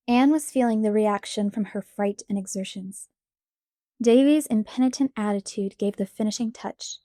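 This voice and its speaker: A woman narrating an audiobook chapter in a measured, expressive storytelling voice. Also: mid-range voice, no echo, clean studio sound. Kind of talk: scripted narration.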